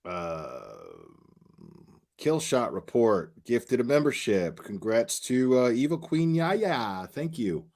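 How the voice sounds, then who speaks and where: A man's voice: medium pitch, expressive, slow pace, darkish tone. A man hosting a stream, reacting to clips with sarcastic, profane commentary. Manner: sarcastic, mocking, swears a lot.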